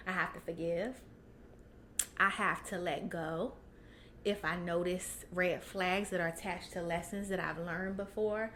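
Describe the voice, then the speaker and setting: A woman's voice: mid-range voice, bright, forceful tone, slight background noise. A woman guest on a podcast, talking candidly with many fillers and restarts and laughing often. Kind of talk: candid personal chat.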